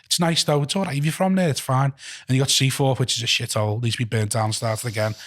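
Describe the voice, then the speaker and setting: A Scouse man talks at a rapid clip in casual comedy-show banter. He is blunt and sweary, with a voice of ordinary middle pitch. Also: steady tone, fairly bright tone. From north Liverpool. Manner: blunt, sweary, fast-talking. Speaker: comedy podcast host.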